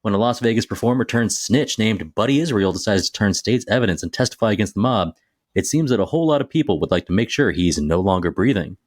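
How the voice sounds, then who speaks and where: A man's voice: lowish voice, animated, fast talker, no room sound, studio quality. A man co-hosting a movie podcast, chatting casually and reading out film picks with enthusiasm. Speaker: podcast co-host.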